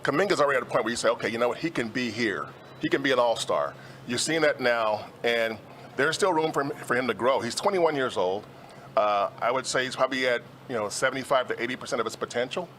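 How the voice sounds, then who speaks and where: A man talking as a sports analyst on a talk show, relaxed and rambling with lots of fillers. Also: medium pitch, fast, slight background noise.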